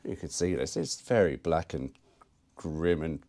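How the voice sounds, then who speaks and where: A man's voice: a bass voice, unhurried, mellow. A man talking casually to camera about working on his car, rambling and jokey with the odd swear word. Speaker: car vlogger. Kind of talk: casual workshop chat to camera.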